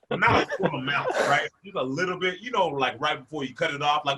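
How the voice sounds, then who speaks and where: A man in his twenties doing animated stand-up storytelling for a virtual event, laughing between lines and acting out the people in his story. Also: on the high side, fast, hardly any pauses, background noise. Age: 20s. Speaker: stand-up comedian. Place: a room, performing for a virtual event. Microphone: video call microphone.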